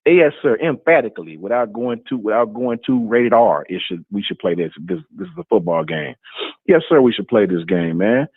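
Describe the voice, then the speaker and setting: A man's voice: lowish voice, animated, moderate pace, breathy edge, no room sound. Man, radio caller, emphatic, insistent, tinny phone line, dry. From Huntsville area. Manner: emphatic, insistent, repeats himself. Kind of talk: call-in radio talk.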